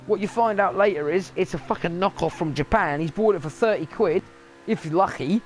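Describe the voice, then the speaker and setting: A man's voice: high-pitched, expressive, fairly quick, a little hiss or hum. Sweary man ranting about games. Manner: angry, sweary rant. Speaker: gaming vlogger. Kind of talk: ranting vlog monologue.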